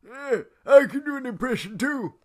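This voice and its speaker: A man's voice: very high-pitched, expressive, moderate pace. A man playing a forgetful old man who co-hosts a podcast, rambling goofily and losing his train of thought in an improvised comedy sketch. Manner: goofy, rambling, easily sidetracked. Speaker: podcast co-host.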